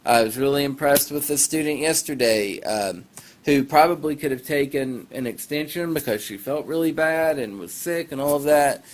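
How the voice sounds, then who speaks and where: Class announcements come from a male teacher on a phone livestream, delivered casually as he rambles and teases himself. His voice is on the high side, at a moderate pace. He stays chatty and digressive, with self-mocking asides.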